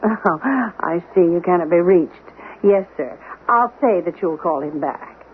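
A man's voice: high-pitched, unhurried. A man playing a formal, faintly pompous butler in an old-time radio drama. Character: prim, unflappable male butler, formal and condescending. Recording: tinny, lo-fi old radio recording with faint hiss.

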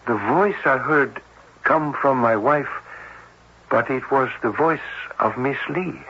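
An actor playing a cautious, formal cardiologist, speaking in a measured, hesitant way in an old-time radio drama. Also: male voice, medium pitch. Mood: grave. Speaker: doctor. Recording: dull old radio broadcast with faint hiss.

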